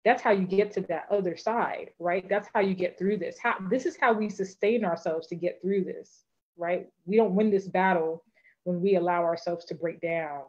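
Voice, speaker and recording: A woman's voice: fairly low pitch, fairly even intonation, moderate pace, a little mellow. A woman life coach giving encouraging advice in a live interview, repeating phrases for emphasis. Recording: dull lo-fi sound.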